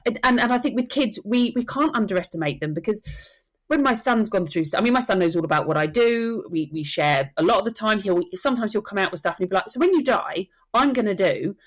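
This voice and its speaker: Woman guest, earnest storyteller, mid pitch, chatty podcast guest. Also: lively intonation, fast. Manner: earnest storytelling, acts out quotes. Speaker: soul midwife and death educator. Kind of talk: podcast conversation.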